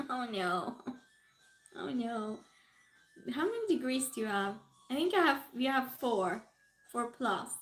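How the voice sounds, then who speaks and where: Chatting and giggling on a relaxed livestream, a woman welcomes viewers and reads out their comments, speaking slowly with long pauses. Her a-little-high voice swings widely in pitch, and the audio is poor.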